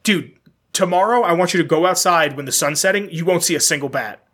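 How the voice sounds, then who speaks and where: A man from Pennsylvania co-hosting a casual gaming podcast, animated and prone to ranting with rapid questions and swearing. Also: fairly high pitch. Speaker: podcast co-host.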